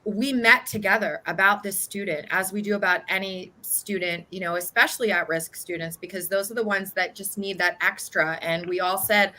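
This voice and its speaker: A woman's voice: medium pitch, fairly even intonation, moderate pace, few pauses, bright, forceful tone, low-quality recording. A woman guest telling heartfelt stories in an earnest, conversational way. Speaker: charter school guest. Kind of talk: conversational interview.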